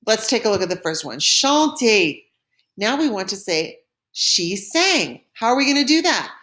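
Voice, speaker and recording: A woman's voice: mid-range voice, very animated, moderate pace, fairly bright tone. A woman teaching a recorded French lesson, explaining step by step with patience and modeling pronunciation for learners to repeat.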